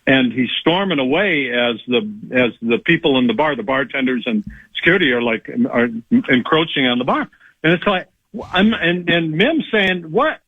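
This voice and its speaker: Animated high-voiced man telling a story. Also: moderate pace, no room sound, phone-quality sound. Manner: lively, laughing, acts out both sides of a bar argument. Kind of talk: animated storytelling on sports talk radio.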